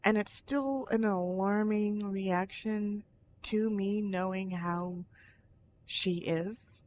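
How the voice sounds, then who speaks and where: A woman's voice: medium pitch, steady tone, slow pace, darkish tone, a little hiss or hum. A woman talking frankly in a personal vlog, rambling with restarts and tangents. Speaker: vlogger.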